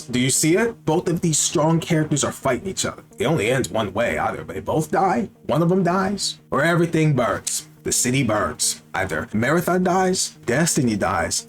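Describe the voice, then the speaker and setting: A man giving casual gaming commentary, animated and profane, often repeating rhetorical questions. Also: on the high side. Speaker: gaming YouTuber.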